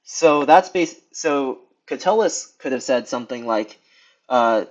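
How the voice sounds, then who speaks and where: Slow, hesitant young man teaching. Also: medium pitch. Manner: hesitant, many ums and restarts. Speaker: video tutor. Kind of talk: casual screen lesson. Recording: slightly dull lo-fi sound.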